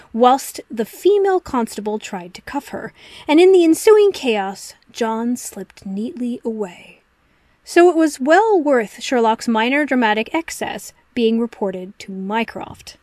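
Female narrator, expressive and steady, dry close recording. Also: on the high side, no room sound. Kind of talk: audiobook reading of fan fiction.

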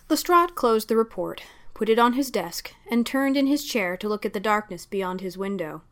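A woman narrating a story aloud at a middle pitch, calm and even in her delivery. Her reading is steady and unhurried. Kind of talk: reading fan fiction aloud.

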